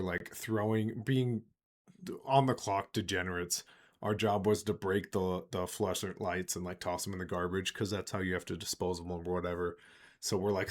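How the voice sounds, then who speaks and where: A man hosting a podcast, telling a long story casually and laughing often. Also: low-pitched. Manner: laughing often, rambling with fillers. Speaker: podcast host.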